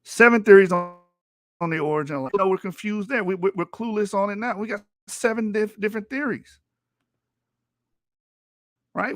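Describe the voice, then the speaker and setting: A high-voiced man at a moderate pace, pausing often, hosts a livestream in which he reads textbook excerpts and rebuts them with mounting, profane aggression. He uses a streaming mic, and the studio-quality recording has no echo.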